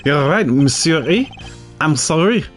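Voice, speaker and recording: A man voicing an eager young male assistant in a game with a put-on French accent, talking in an earnest, excitable way. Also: a little high, unhurried, soft background music. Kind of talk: reading game dialogue aloud.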